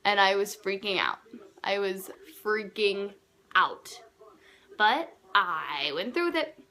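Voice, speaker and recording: A woman's voice: mid-range voice, expressive, slow pace, bright, forceful tone. A teenage girl telling a story to camera at home in a casual, chatty way, acting out what people said. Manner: chatty, acts out quoted dialogue. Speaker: vlogger.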